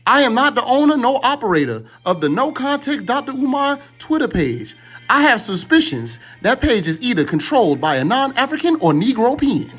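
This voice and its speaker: A man's voice: very high-pitched, fairly bright tone, slightly rough, voice pushed up, exaggerated voice. A man doing a preachy formal public-figure impression. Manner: solemn preachy delivery with an affected accent.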